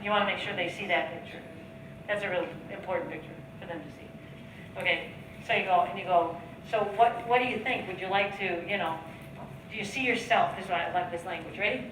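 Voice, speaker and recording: A woman giving a motivational sales training talk at a seminar, coaching the audience with rhetorical questions and acted-out sales pitches. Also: a little fast. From United States. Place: seminar room, heard from a distance. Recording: echoey room, distant mic, faint background noise.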